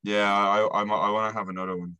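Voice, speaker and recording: A man's voice: lowish voice, level tone, fast talker, bright, forceful tone, clear, resonant tone, dry recording, low-quality recording. A young man with an Irish accent, hosting a casual podcast chat, laughing as he tells stories and swearing freely. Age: young adult. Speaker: podcast host.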